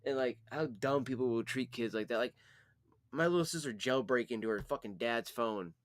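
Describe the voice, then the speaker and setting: A man's voice: mid-range voice, normal speed. A young man, hosting his channel, chatting casually, laughing often and swearing freely. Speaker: channel host. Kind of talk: casual chat.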